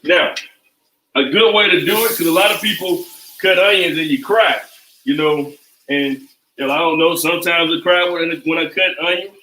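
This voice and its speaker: A man's voice: a little high, moderate pace, bright, forceful tone. A man hosting a casual cooking livestream from his home kitchen, talking loosely and repeating phrases like a chant. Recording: echoey kitchen, mic at a distance.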